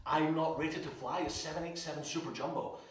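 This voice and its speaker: A man's voice: fairly high pitch, fairly even intonation, a little fast, close to an everyday voice. A man playing a panicked small-plane pilot who is out of his depth and gives an urgent radio report. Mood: anxious. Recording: echoey room, mic far off.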